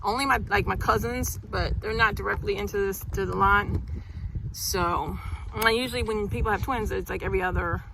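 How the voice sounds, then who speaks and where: A woman's voice: mid-range voice, steady tone, moderate pace, creaky, background noise. A middle-aged woman telling her own birth story in a casual vlog, rambling with restarts and sighs.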